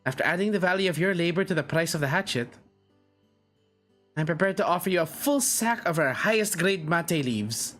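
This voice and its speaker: A man's voice: on the high side, animated, fairly quick, fairly bright tone, soft background music. A man reading game dialogue aloud, voicing a polite, formal male trader.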